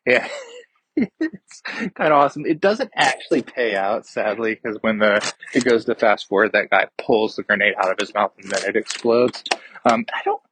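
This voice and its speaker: A man's voice: on the low side, expressive, moderate pace, a bit bright, slightly rough, dry recording, poor audio. A man recapping a movie plot in a casual, rambling way, swearing freely and trailing off into fillers and restarts. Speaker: podcast movie reviewer.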